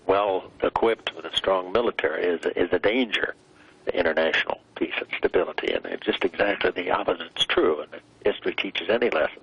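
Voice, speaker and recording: An older man, a former vice president, giving measured commentary as an interview guest, pausing often with "uh" as he weighs his words. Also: sits low, creaky, breathy edge, dull audio. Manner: measured, deliberate, many hesitant "uh" pauses.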